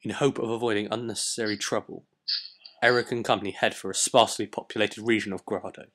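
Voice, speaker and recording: Low-voiced man reading game text. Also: steady tone, quick pace, a bit bright. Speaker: let's play host.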